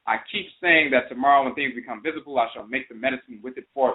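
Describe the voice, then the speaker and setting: A patient, crafty hare who calmly repeats himself, as a male storyteller plays him. The voice has a middling pitch and a narrow, phone-like sound from an internet radio call. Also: fast talker, natural voice. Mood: insistent. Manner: calm, insistent.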